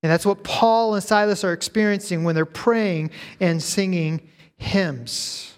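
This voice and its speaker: A man preaching from the pulpit, his voice sitting a little high. He teaches in a measured way and then builds to loud, rising emphasis. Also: clear, resonant tone. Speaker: pastor. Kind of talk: sermon.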